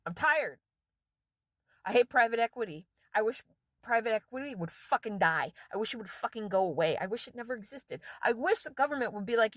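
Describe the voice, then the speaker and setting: A woman's voice: on the high side, animated, fairly quick, a bit bright, no room sound. A woman vlogger delivering an angry, profane rant straight to camera in a casual monologue.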